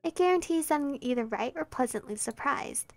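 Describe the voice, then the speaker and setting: A woman voicing a gloomy, pessimistic teenage schoolgirl who talks in a flat, deadpan way. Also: high voice, moderate pace, faint music behind.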